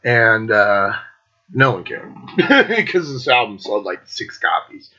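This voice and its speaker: A man hosting his own metal show, chatting casually and sarcastically with lots of swearing, clearing his throat now and then. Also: on the low side, big pitch swings, slow, pushed and bright, highs cut off. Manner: profane, sarcastic, laughs often. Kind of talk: casual solo chat reviewing albums.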